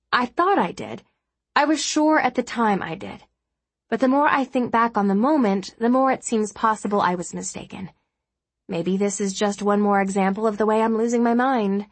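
A woman voicing an anxious, self-doubting woman flight attendant in a storybook reading, worried and halting. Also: medium pitch, slightly rough, no echo.

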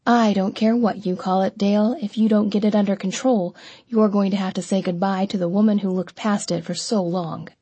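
A woman reading the lines of a tearful middle-aged mother who brushes off her troubles, speaking softly and reassuringly. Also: medium pitch, steady tone, fairly quick, breathy edge, no echo, close to an everyday voice. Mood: angry.

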